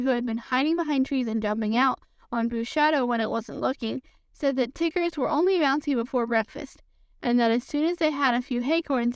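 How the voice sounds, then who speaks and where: A woman reads a children's book aloud for a podcast in a gentle storytelling manner. Her voice is high and smooth. The recording is close and dry. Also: dry recording. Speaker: podcast reader.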